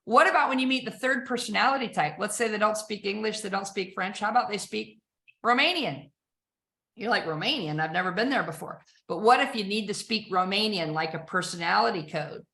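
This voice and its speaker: A woman sales trainer presents with bright, emphatic energy and keeps throwing rhetorical questions at her listeners. Her voice rings out in an echoey room. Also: mid-range voice, a little fast, creaky.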